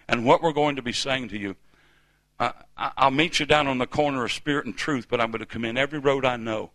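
A man's voice: medium pitch, fast, a bit bright, dry recording. A man in his fifties from the United States preaching a sermon in a church, with emphatic call-and-response delivery. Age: 50s.

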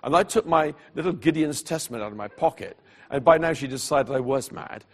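A man preaching, telling a personal story in an animated way and voicing the people in it, then going hushed at solemn moments. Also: fairly high pitch, fairly quick. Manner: animated storyteller who voices the people in his tale; drops to a hushed, quiet delivery at solemn moments. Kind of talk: storytelling sermon.

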